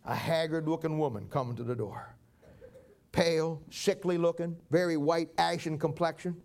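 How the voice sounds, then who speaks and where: A man's voice: fairly high pitch, fairly even intonation, moderate pace, darkish tone. A male pastor narrating a story in a sermon with vivid detail.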